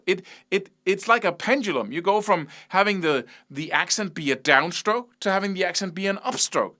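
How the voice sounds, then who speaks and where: A man gives a guitar lesson in a bright, fairly high voice that rises and falls a lot. He talks in a loose, conversational way, restarting sentences and sounding out rhythms with syllables. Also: animated, normal speed. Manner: demonstrates picking rhythms by singing syllables; conversational, repeats himself and restarts. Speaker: guitar teacher.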